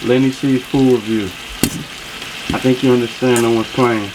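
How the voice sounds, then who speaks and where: A man's voice: mid-range voice, level tone, moderate pace, noisy background. A man hosting a casual food review in a kitchen, chatty and folksy, often saying "you know". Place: home kitchen beside the stove. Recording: loud frying sizzle behind.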